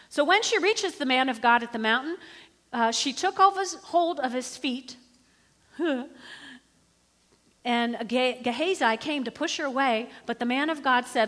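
A middle-aged woman preaching a sermon in an animated, conversational way, often calling for the congregation to respond. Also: on the high side, a little slow. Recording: reverberant hall.

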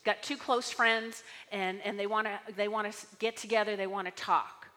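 Animated woman preacher in echoey hall. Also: medium pitch, normal speed. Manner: animated, repeating key words, frequent "okay?". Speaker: pastor. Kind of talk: sermon with call-and-response.

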